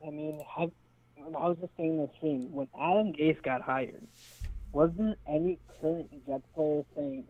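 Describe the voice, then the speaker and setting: A man calling into a live show, with a hoarse voice after he lost it shouting earlier, eager and keyed up. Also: a little high, unhurried, no echo. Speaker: caller. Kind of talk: phone call to a live show. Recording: dry tinny phone line.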